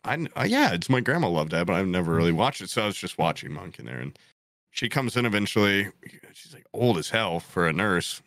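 A young man telling a story in casual chat, animated and jokey, swearing often. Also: low-pitched, brisk, no echo, studio quality.

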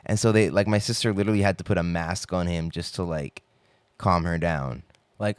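A man's voice: lowish voice, fairly even intonation, fairly quick, no echo. A young man rambling in a casual, profane monologue full of filler words.

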